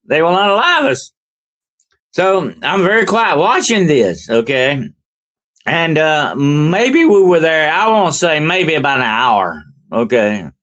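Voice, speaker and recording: A man's voice: fairly high pitch, very animated, takes it slowly, a bit bright, lo-fi sound. An older man, a paranormal investigator, tells a story in a rambling, conversational way and keeps checking in with "okay?" and "you know".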